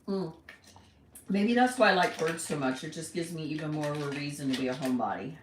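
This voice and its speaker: A woman's voice: low voice, a little fast, slight background noise. A woman chats on a casual live stream, switching to a coaxing pet voice for her bird. She sits back from the microphone in a reverberant room at home. Faint running water is heard behind her. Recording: roomy, distant mic, faint running water.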